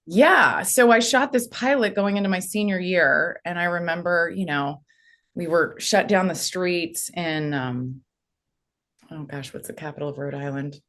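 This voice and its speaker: Woman from the US, somewhat low voice, casual interview storytelling, rambling, many fillers. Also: measured pace, a bit bright. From United States. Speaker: actress, podcast guest.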